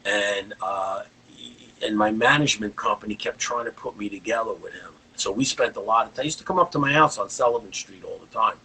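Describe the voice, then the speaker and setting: A man's voice: lowish voice, brisk, bright, forceful tone, slightly rough, rough recording. An older man, a guest rock guitarist, telling rambling anecdotes in a casual interview.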